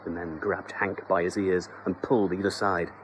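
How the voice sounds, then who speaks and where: A man narrating a children's story in a scripted, expressive, comic storytelling manner. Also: low voice, normal speed, background noise.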